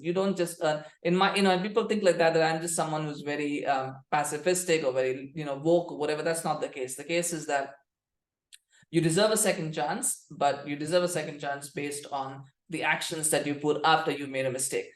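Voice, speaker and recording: Male football podcast host, quick and rambling, sarcastic, echoey room. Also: fairly high pitch. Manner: rambling, many restarts and fillers, sarcastic. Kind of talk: casual commentary.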